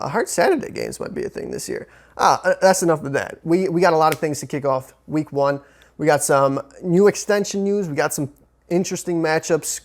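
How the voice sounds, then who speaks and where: Excitable young man talking football. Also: on the high side. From Chicago, USA. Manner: excitable fan, lots of fillers and slang. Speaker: sports vlogger. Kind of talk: casual sports commentary.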